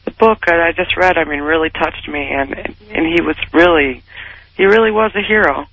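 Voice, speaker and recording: A man's voice: on the high side, normal speed, pushed and bright. A man in his thirties calling into a radio talk show, earnest and eager. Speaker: caller. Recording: dull phone line on radio.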